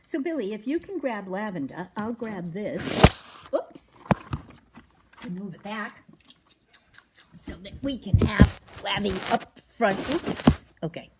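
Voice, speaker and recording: A woman hosting an animal rescue livestream, reading a children's story aloud with a gentle, chatty delivery. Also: medium pitch, animated, takes it slowly, pauses often, very noisy.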